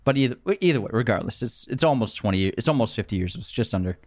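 A man co-hosting a podcast in casual chat, blunt and quick to swear while riffing with his friend. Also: fairly low pitch, animated, no echo, studio quality. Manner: blunt, swears, riffs on entitled commenters. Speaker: podcast co-host.

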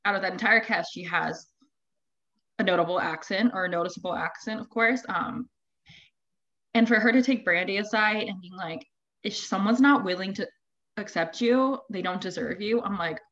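A woman's voice: medium pitch, moderate pace, dull audio. A woman guest on a podcast, chatting animatedly from home and acting out what people said. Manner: animated, quotes people in lively bursts. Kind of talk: casual pop culture chat. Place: home with dogs nearby.

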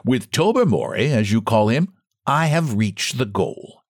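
A man's voice: medium pitch, expressive, a little slow, dry recording, studio quality. A man reading a storybook, voicing a proud scientist who explains things patiently in a precise, lecturing way.

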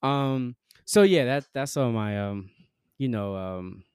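A man's voice: medium pitch, slow, darkish tone, smooth, no room sound, clean studio sound. A man guesting on a podcast as a comedian, chatting casually and enthusiastically in profane slang. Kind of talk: casual chat.

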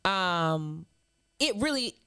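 A woman's voice: on the low side, animated, drawn-out words, bright, forceful tone, clear, resonant tone, no room sound, studio quality. A woman in her thirties co-hosting a podcast. She talks in a sassy, mocking way and reads hate mail aloud, laughing as she goes. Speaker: podcast co-host. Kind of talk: casual chat.

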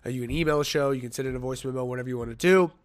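A man's voice: mid-range voice, rapid-fire, smooth. Man hosting a rambling sports podcast. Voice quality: rambling, self-mocking, thinks out loud. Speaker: podcast host. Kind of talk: casual solo sports podcast talk.

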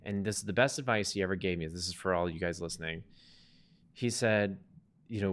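A man in his thirties co-hosting a podcast, telling a personal story in a chatty, animated way. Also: low voice, a little fast. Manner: chatty, animated retelling with quoted dialogue. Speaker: podcast co-host.

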